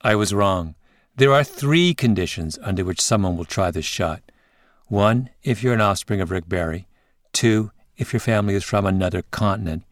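A male podcast host narrating a scripted story in a measured way, with interview clips in between. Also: fairly low pitch, dry recording.

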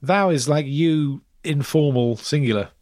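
A man's voice: on the high side, unhurried, darkish tone, no echo. Dry-witted British man, close dry sound. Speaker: podcast host. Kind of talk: casual chat.

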